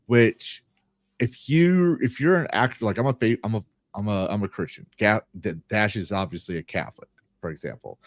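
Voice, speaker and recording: A man's voice: fairly low pitch, animated, normal speed, no room sound. A man hosting a casual podcast chat, earnest and rambling, with many restarts. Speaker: podcast host.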